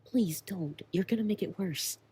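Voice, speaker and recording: A woman playing a young woman hiding with a friend in a closet, hushed and scolding in a whispered role-play. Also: mid-range voice, normal speed, a little hiss or hum, natural voice.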